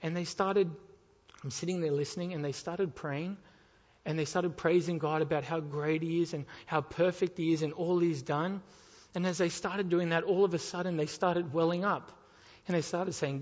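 A male preacher with a high, ringing voice delivers an impassioned sermon, surging to loud appeals and dropping to hushed questions. His voice rolls out through a long hall reverb, and the recording sounds muffled and dull. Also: steady tone, normal speed. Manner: impassioned, rising and falling between loud appeals and quiet pleas. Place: church hall.

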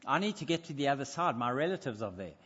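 A man's voice: medium pitch, big pitch swings, fast, fairly bright tone, slightly rough. A man voicing a desperate scorpion who stammers and begs for a ride across a river, in a story told in a sermon. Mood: pleading. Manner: stammering, pleading, repeats himself. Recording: dull sound with echoey hall.

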